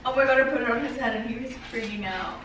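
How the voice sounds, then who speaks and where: A woman's voice: on the high side, fast talker, noisy background. Chatty young woman vlogger. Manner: chatty, talks baby-talk to her cat. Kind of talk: casual daily vlog.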